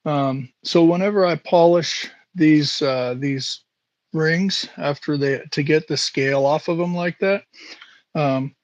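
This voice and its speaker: A man hosting a casual live stream from his home workshop, talking slowly with many fillers while he works. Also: on the high side, no echo, highs cut off. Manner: slow, halting, lots of fillers. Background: buffing wheel hum.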